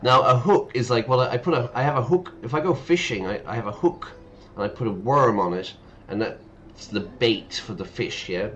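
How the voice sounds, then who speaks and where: A man's voice: fairly low pitch, fairly bright tone, highs cut off, slight background noise. A man, an English teacher streaming a game, chatting casually, explaining slang words and laughing often. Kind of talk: casual explanation while playing.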